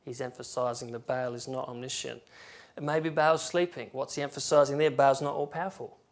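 A man preaching a sermon in a church, reading scripture aloud with emphatic swings from loud to soft. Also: mid-range voice, steady tone, a little fast. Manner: emphatic, rising and falling loudness, reads scripture aloud.

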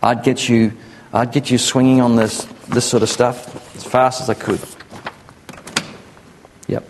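A man's voice: mid-range voice, little pitch movement, a little slow, darkish tone, slight background noise. A man preaching a sermon in an earnest, conversational way, sometimes acting out the voices of people he quotes. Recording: echoey hall.

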